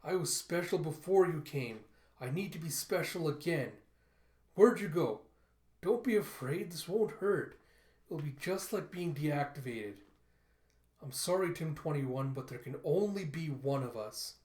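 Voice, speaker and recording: A vengeful young robot, read out by a man, calm and menacing. His voice sits fairly high and rings in an echoey room. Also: unhurried.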